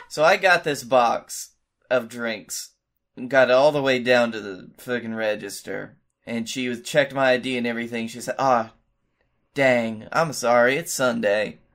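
A man's voice: medium pitch, a little slow, pauses often, a bit bright. A man co-hosting a comedy podcast, telling an anecdote in a loose, profane, casual way. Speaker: podcast co-host.

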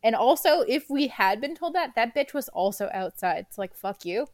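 Sarcastic woman with a bright voice. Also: on the high side, animated, moderate pace, no echo, studio quality. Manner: sarcastic, swears freely, laughs often. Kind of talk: casual chat.

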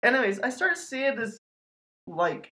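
A man's voice: very high-pitched, big pitch swings, measured pace, pushed and bright, low-quality recording. A man hosting a podcast, telling a scary story in casual, profane chat and laughing often. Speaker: podcast host.

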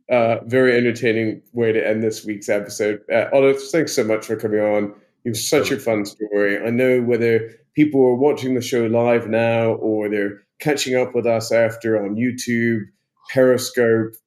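A man's voice: medium pitch, a little mellow. Chummy man with a British-tinged accent. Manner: laughing, chummy, rambling. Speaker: podcast host. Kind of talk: casual interview chat.

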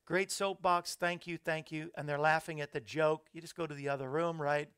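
A man's voice: a little high, fairly even intonation, moderate pace, fairly bright tone, clean tone. A man hosting a casual live show from a small studio, chatting and reading viewer comments aloud with upbeat asides. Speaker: show host. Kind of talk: casual live-stream chat. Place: small studio under hot lights. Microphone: studio microphone.

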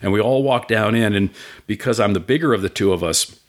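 A middle-aged man in casual conversation, telling an animated story with swearing and acted-out voices. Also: lowish voice, fairly quick. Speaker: guest, food business owner.

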